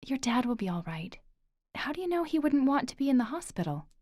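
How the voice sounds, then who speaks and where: A woman reading the part of a gentle family friend in an audiobook, soft and soothing. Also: high-pitched, sing-song, fairly quick, dry recording, studio quality, voice pushed up.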